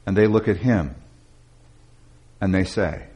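A man preaching, building up with emphasis and then dropping into slow, quiet passages, with some restarts. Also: deep voice. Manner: restarts and repeated words. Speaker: pastor. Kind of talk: sermon.

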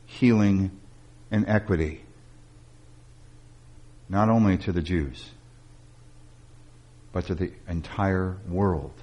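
A man preaching, building up with emphasis and then dropping into slow, quiet passages, with some restarts. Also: fairly low pitch. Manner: restarts and repeated words. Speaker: pastor. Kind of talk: sermon.

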